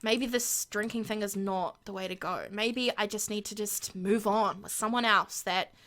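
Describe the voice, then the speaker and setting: A woman voicing a heartbroken, emotional woman in a life-sim game, speaking in a quiet, despairing tone. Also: mid-range voice, fairly even intonation, normal speed, pitched below the performer's own voice, lightly acted. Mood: resigned.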